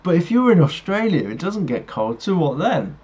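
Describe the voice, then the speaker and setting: With a husky, slightly mellow, high-ish voice, a very animated livestream host reads out viewer messages at normal speed and answers them casually. Faint background music sits under the somewhat dull audio.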